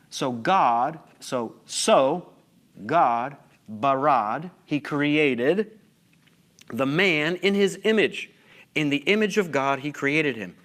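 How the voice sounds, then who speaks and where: A middle-aged man lecturing at a conference, animated and full of rhetorical questions, sometimes losing his place. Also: fairly high pitch. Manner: self-interrupting, loses his place. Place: lecture hall.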